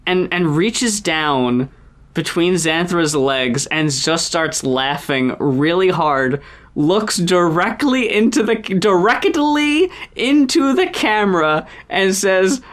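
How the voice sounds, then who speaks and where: A woman co-hosting a casual podcast, excitedly retelling a film scene and gushing over it. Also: on the low side, slow. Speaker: podcast co-host. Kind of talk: casual chat.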